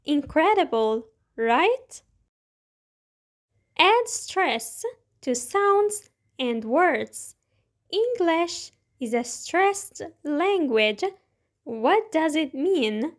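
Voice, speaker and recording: A woman teaching an online English pronunciation lesson, with a slow, deliberate and instructive delivery. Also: high voice.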